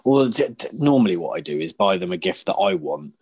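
A man's voice: low-pitched, very animated, fairly quick, a little mellow, breathy edge. A man, chatting casually on a podcast, rambling and swearing with lots of restarts. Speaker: podcast co-host. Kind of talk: casual chat.

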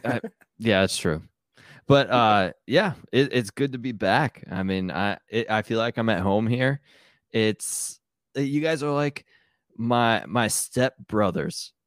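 A man's voice: lowish voice, slow, no room sound, studio quality. A man from southern Minnesota, a podcast guest, chatting in a jokey, rambling way with repeated words. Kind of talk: casual sports podcast chat.

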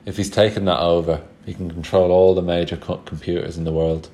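A man's voice: sits low, little pitch movement, brisk, dark tone, close to an everyday voice. A man doing a puzzled, earnest teenage boy. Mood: serious.

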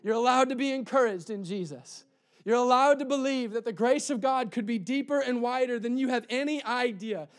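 A man preaching a sermon in church, impassioned and repetitive, dropping soft for emphasis. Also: very high voice. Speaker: pastor.

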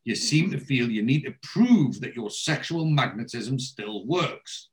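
A man's voice: mid-range voice, lively intonation, unhurried, lightly acted. A man voicing a kind, understanding middle-aged woman in a retold TV scene. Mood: gentle.

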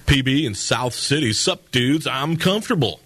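A man's voice: mid-range voice, lively intonation, moderate pace, a bit bright, breathy edge, dry recording. A man in his thirties co-hosting a casual radio show and reading listener texts aloud in an upbeat way.

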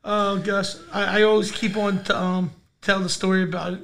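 A man's voice: sits high, flat delivery, normal speed, gravelly, fairly bright tone. A man hosting a podcast in casual chat, upbeat and giggly. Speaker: podcast host.

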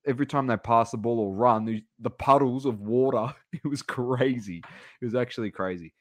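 A man's voice: mid-range voice, no room sound, studio quality. A man co-hosting a casual sports podcast, rattling off football scores and laughing often. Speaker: podcast co-host.

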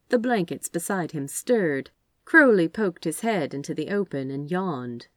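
Woman narrator, expressive fan fiction reading, lowish voice, lively pitch, dry close sound. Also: measured pace, no room sound. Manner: expressive storytelling, voicing characters. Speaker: audiobook reader.

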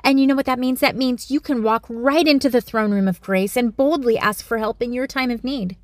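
A woman giving a Christian devotional message with gentle, earnest encouragement, speaking close to the mic. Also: fairly high pitch, fairly quick, no room sound. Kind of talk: devotional teaching.

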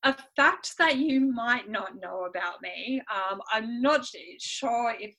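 Slow-talking Australian woman, bright tone. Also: a little high, lively intonation, low-quality recording. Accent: Australian with a slight European tinge. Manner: earnest, frequent "um" fillers, laughs easily. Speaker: podcast guest, intuitive mentor. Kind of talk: conversational podcast interview.

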